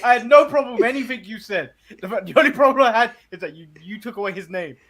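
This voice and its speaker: A man's voice: extremely high pitch, animated, fast, a crowd in the background. A man co-hosting a podcast, recapping in a playful, casual way with frequent hesitant ums and uhs. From England. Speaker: co-host of a wrestling podcast. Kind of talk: casual chat.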